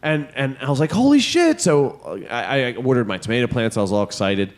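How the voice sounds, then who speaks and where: A man co-hosting a comedy podcast in a mid-pitched voice, rambling through a long story. He swears freely and keeps to casual chat throughout. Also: fast. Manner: rambling, profane storytelling, acts out his own reactions. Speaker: podcast co-host.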